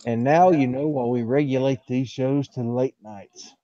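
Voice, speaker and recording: A man in a casual late-night chat, speaking in a sheepish, halting way. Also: medium pitch, steady tone, mellow, no echo. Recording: dull lo-fi with faint noise.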